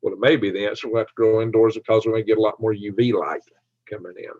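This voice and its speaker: Fast-talking Southern man with a twang. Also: on the low side, fairly even intonation, a little mellow, no echo. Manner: fast talker, laughs often, jokey. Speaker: livestream host. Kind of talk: casual livestream chat reading viewer comments. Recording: dry, dull lo-fi stream audio.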